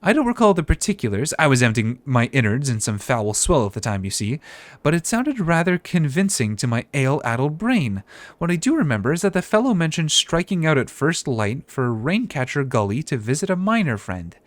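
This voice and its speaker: A man's voice: fairly high pitch, sing-song, a little fast, dry recording. A man voicing a flowery, theatrical woman quest giver, reading game dialogue aloud with grandiose, rambling delivery.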